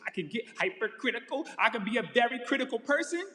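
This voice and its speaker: A man preaching a lively, casual sermon in slangy everyday talk, acting out the people in the story, in front of camera and lights. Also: very high-pitched, fast talker. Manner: energetic, slangy, acts out characters. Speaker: pastor. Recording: echoey hall with long reverb.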